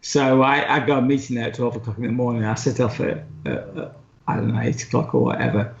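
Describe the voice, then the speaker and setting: A man's voice: medium pitch, steady tone, quick pace, creaky. A man co-hosting a podcast, casually telling a travel story with laughs and the odd swear. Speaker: podcast co-host. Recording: roomy, dull-sounding recording.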